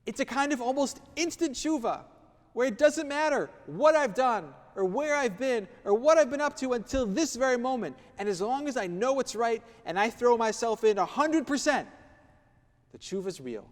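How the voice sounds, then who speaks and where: A rabbi giving a sermon, telling a story with dramatic pauses and quoting Hebrew and Aramaic passages. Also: male voice, extremely high pitch, lively intonation, long reverb tail. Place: office.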